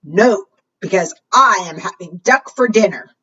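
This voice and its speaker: A woman's voice: mid-range voice, lively intonation, measured pace, pushed and bright, husky, heavily acted. A woman voicing a sly, mock-polite male dog from a picture book. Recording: distant, dull lo-fi sound.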